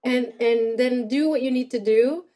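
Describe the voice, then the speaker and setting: Woman, casual chat, slightly higher voice, reassuring, quick to laugh. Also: warm tone.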